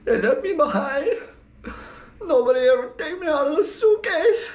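A man voicing an abandoned male slingshot toy that sobs and whines in a high, sing-song voice about being left behind. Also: brisk, echoey room, lo-fi sound, close to an everyday voice. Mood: wailing.

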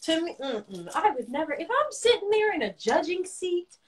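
High, lively young woman chiming in. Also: normal speed. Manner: emphatic, chiming in. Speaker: livestream co-host. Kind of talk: casual chat. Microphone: phone livestream.

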